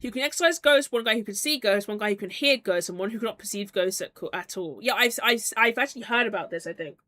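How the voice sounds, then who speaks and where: A woman's voice: medium pitch, quick pace, fairly bright tone, dry recording. A woman streamer reading game text aloud and chatting with viewers in a rambling way, with lots of "like". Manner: chatty, peppered with "like", giggly asides.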